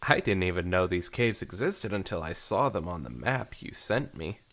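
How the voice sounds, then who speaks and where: A man's voice: low-pitched, lively intonation, normal speed, a bit bright. A man voicing an eager, nervous young female pony princess who sounds earnest and a bit flustered.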